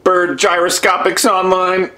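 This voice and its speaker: A man's voice: high voice, monotone, a little slow, sharp tone. A startled man stammering and swearing in a casual home video, filmed on a phone inside his house. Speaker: vlogger.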